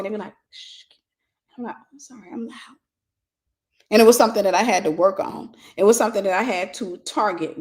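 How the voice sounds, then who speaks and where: A woman talks through a ministry lesson in a casual, conversational way. She often says a line twice to drive it home and fills gaps with easy fillers. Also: medium pitch. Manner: repeats key phrases for emphasis. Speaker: ministry host and teacher. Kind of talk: informal spoken teaching.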